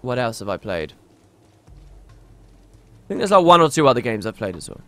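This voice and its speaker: A man's voice: medium pitch, very animated, normal speed, bright, forceful tone. A man streaming a game and chatting casually to viewers, rambling and often restarting his sentences. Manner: rambling, talkative, self-interrupting. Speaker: gaming streamer. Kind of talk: casual gaming stream chat.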